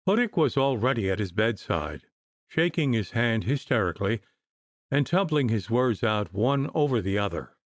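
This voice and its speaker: A man narrating a classic novel as an audiobook in an expressive storytelling manner. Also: medium pitch, normal speed, dry recording. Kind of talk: scripted narration.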